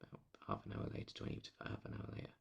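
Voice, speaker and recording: A man recording a confessional vlog, speaking candidly and bitterly, swearing freely and often sinking to a hushed murmur. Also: racing. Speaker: vlogger. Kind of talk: confessional personal vlog monologue.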